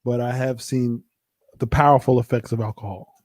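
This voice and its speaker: A man's voice: mid-range voice, flat delivery, moderate pace, no echo, clean studio sound. Teasing man on a video call. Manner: joking, teasing, mock-apologetic. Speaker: co-host. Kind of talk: casual live review chat.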